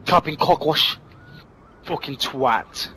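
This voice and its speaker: High-voiced young man hurling insults. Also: noisy background. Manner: rapid profane insults, puts on British regional accents. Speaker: online gamer. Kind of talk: trash-talking game voice chat.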